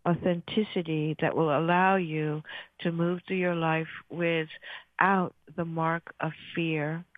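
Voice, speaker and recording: A woman leading a guided meditation, giving slow, soothing breathing instructions after playing a song. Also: fairly low pitch, no room sound. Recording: thin phone-like dry audio.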